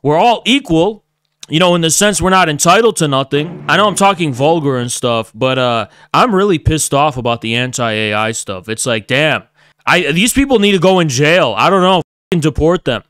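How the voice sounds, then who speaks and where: Male streamer, fairly high smooth voice, profane ranting monologue, dry close mic. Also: expressive, moderate pace, no room sound. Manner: profane, swinging from shouting to quiet lecturing. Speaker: political streamer. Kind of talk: heated livestream rant.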